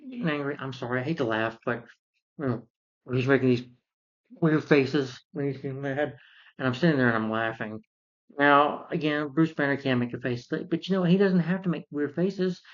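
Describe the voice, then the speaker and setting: A man's voice: mid-range voice, muffled recording. Rambling exasperated man reviewing a movie. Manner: rambling and exasperated, with many fillers and restarts.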